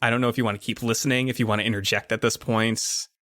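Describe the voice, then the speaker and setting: A man's voice: mid-range voice, flat delivery, quick pace, pushed and bright, dry recording, studio quality. A man narrating as game master of a tabletop game, casually describing the scene panel by panel.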